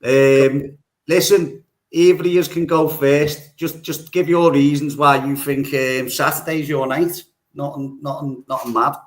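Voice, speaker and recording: A man's voice: a little high, fairly even intonation, rough recording. A man hosting a podcast, hesitating often as he sets up the face-off. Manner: hesitant, lots of ums, slow. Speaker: podcast host.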